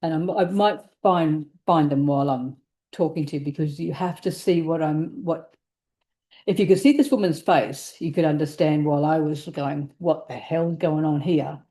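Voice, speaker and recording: A woman co-hosting a tarot podcast, telling a story in a casual, animated way, laughing and acting out what people said. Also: low voice, moderate pace. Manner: animated, laughing, acts out quoted speech. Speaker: tarot reader and podcast co-host.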